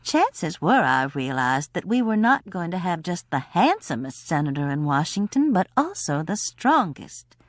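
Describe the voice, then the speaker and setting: A woman narrating an audiobook in a wry, expressive way. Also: on the low side, normal speed, hardly any pauses, no room sound, clean studio sound. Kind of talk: scripted narration.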